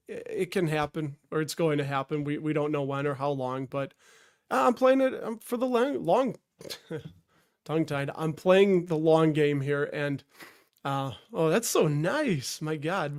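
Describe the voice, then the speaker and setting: A man from the Chicago area talks through a live stream while getting over a cold. His voice sits somewhat high, and his chat wanders, full of restarts and asides to the chat. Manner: rambling, self-interrupting, greets chatters. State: stuffed up from a cold.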